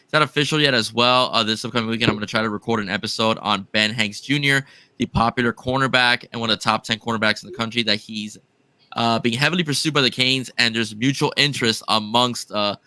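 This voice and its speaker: A man co-hosting a sports podcast, running through upcoming guests in a steady, informative way. His voice is very bright and smooth. It is recorded dry and close, with no room sound. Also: mid-range voice, fast talker, dry recording. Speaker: podcast co-host. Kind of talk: casual chat.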